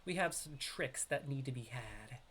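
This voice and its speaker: A man casually commenting on his game during a live stream, chatting with viewers and now and then breaking into loud excited yelps. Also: medium pitch, moderate pace, a little hiss or hum.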